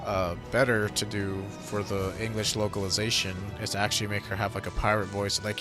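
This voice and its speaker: A man's voice: lowish voice, fairly even intonation, moderate pace. A man giving casual, rambling gameplay commentary, offhand and swearing freely, with game music behind him. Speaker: gamer streamer.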